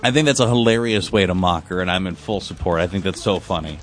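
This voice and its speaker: A man's voice: low-pitched, fast, faint music behind. A man hosting a morning radio show, joking around and reading listener messages aloud in casual banter.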